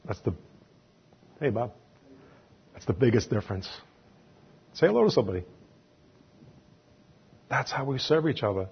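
A man's voice: medium pitch, expressive, normal speed, long pauses, slightly rough, highs cut off. A man from New York with a New York accent, giving an informal, chatty sermon full of homely examples and asides. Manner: chatty and conversational, with self-deprecating asides and laughs. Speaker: lay preacher.

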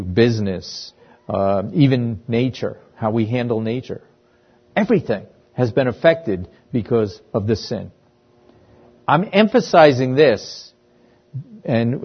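Male preacher, unhurried and emphatic, leans on repetition; muffled, lo-fi sound. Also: mid-range voice. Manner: emphatic, repeats key phrases for weight. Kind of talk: sermon. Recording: dull lo-fi sound.

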